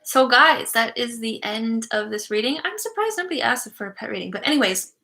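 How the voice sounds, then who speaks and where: Bright, giggly young woman. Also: a little high, lively intonation, a little fast. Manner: chatty, giggly, many fillers. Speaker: psychic reader hosting a live stream. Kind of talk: casual live-stream reading.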